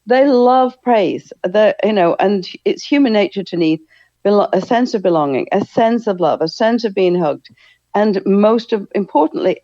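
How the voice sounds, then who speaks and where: A woman's voice: mid-range voice, mellow, no echo. A middle-aged woman, a therapist and trainer, talking enthusiastically as an interview guest and acting out quoted speech. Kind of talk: conversational interview. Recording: dull lo-fi sound.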